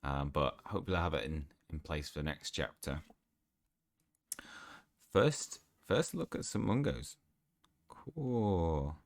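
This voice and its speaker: A man's voice: low voice, gravelly, no room sound, clean studio sound. A man playing through a story game, chatting casually and reacting with giggles. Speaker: gaming channel host.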